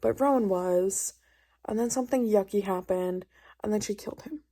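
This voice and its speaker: A young woman excitedly recapping a book she is reading, gushing and saying "like" a lot. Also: medium pitch, moderate pace. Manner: gushing, excitable, heavy use of "like". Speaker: book vlogger. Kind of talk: casual reading vlog recap.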